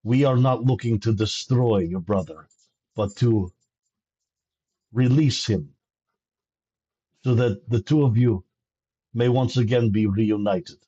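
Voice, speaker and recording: A man's voice: lowish voice, takes it slowly, long pauses, warm tone, slightly rough. A man voicing a solemn, earnest woman, Miev. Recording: dull lo-fi stream audio.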